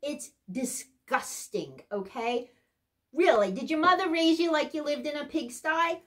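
A woman's voice: sits high, expressive, normal speed, fairly bright tone. A woman playing a sarcastic, blunt cruise guest-services worker in a comedic character monologue, ranting with exasperated asides.

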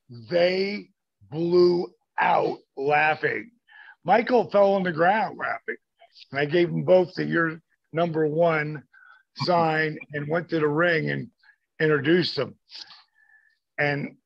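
A man, telling profane, animated stories as an interview guest and acting out the people he quotes. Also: on the high side, gravelly, breathy edge, no echo, muffled recording. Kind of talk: casual storytelling.

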